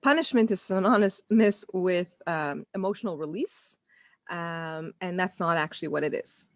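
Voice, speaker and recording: A woman's voice: medium pitch, no room sound, studio quality. A woman parenting coach speaking casually on a live stream, telling stories and acting out quoted dialogue.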